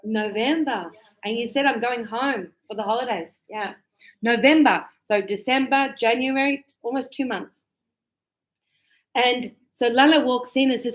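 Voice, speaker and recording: A woman teaching a class, acting out greetings and small talk in a bright sing-song voice. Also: a little slow. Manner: animated, acts out dialogues with sing-song high-pitched lines. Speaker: English teacher. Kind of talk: classroom English lesson.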